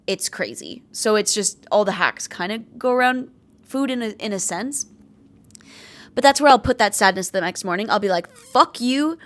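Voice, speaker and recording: A woman's voice: medium pitch, lively intonation, normal speed. A young adult woman vlogger giving candid, blunt advice on living with chronic illness, swearing freely and stressing her points. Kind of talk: candid talking-to-camera advice.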